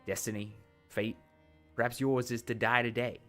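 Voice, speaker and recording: Here the voice is medium-pitched, fairly bright, and flat in delivery, moving at a moderate pace over faint music. The man reads a text adventure game aloud in an assumed accent, mixing dramatic narration with casual asides to his viewers.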